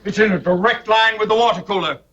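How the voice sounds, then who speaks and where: An actor playing a pompous, flustered bank president who blusters and stammers, on a muffled old TV soundtrack. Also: male voice, high voice, quick pace, a bit bright. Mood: fussy.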